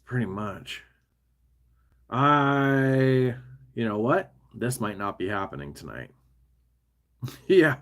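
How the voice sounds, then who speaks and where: Slow, easygoing man chatting while building. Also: medium pitch, expressive, a bit bright. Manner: chatty, self-mocking, often laughing to himself; mutters and talks to the pieces while fiddling. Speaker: vlogger building a toy brick set. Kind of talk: casual rambling chat while building.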